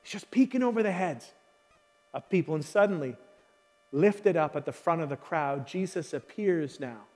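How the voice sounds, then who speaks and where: Brief: a male pastor preaching, high voice, repeats his key phrases, asks the crowd questions, long hall echo. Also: lively intonation, normal speed, darkish tone. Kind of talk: sermon.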